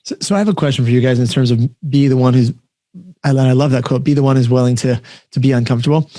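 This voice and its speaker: A man hosting a podcast, telling an animated, self-deprecating story in casual chat, full of "like". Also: mid-range voice, fast talker, dry recording, clean studio sound. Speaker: podcast host.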